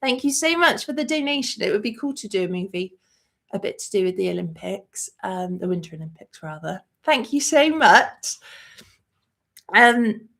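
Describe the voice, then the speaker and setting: A woman's voice: medium pitch, animated, a little fast, vocal fry, fairly bright tone. A woman hosting a movie channel in a live-stream chat, talking emotionally and rambling with many fillers. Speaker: host of a movie review channel.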